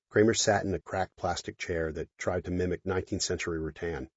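A man narrating an audiobook in an expressive storytelling manner. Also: deep voice, a little fast, few pauses, slightly rough, no echo. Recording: dry, dull lo-fi audio.

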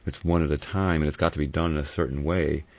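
A man voicing a blunt, stolid middle-aged ex-policeman with a gruff, matter-of-fact delivery. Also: extremely low pitch, fairly even intonation, fast talker, no room sound. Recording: dull lo-fi recording.

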